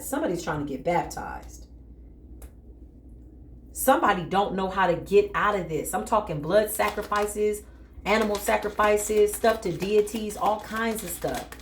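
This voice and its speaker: A woman's voice: on the low side, roomy sound. A woman giving a dramatic spiritual tarot reading, talking straight to her viewers in an emphatic, casual way. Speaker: tarot reader.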